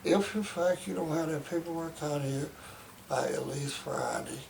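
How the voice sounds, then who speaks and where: A man's voice: fairly high pitch, normal speed, creaky, a little mellow, reverberant, slight background noise, low-quality recording. A man at home, making an emphatic complaint in formal, wordy phrasing with many stammered restarts. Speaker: interviewee describing his care. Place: home bedroom.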